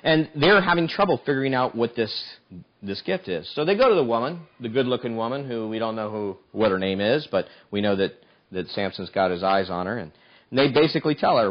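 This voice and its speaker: A man preaching a sermon, telling a story in an animated way and often repeating words as he restarts. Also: medium pitch, fairly quick, muffled recording.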